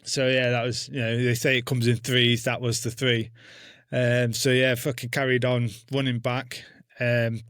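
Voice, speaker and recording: This is an army veteran telling his story in a plain, mid-pitched voice. He talks casually and crudely and swears in almost every sentence. His lines are recorded close and dry, with no room sound. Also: no room sound. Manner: blunt, heavy swearing, acts out his own past words.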